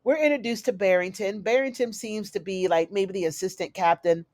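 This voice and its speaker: A woman's voice: medium pitch, brisk, a little mellow, no room sound. A woman giving a chatty, casual recap of a TV episode, calling her viewers y'all and honey. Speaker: TV recap reviewer.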